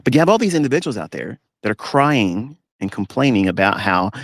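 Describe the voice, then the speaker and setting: A man's voice: on the low side, sing-song, fairly quick, few pauses, no room sound, clean studio sound. A man giving a blunt, ranting lecture as a trading educator in a live audio-room monologue, talking from inside a parked pickup truck.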